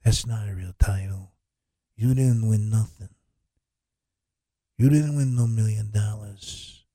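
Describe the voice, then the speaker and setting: A man putting on a gruff mob boss voice, scolding and dismissive. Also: on the low side, takes it slowly, mellow, no echo, clean studio sound, voice pushed down. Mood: scornful.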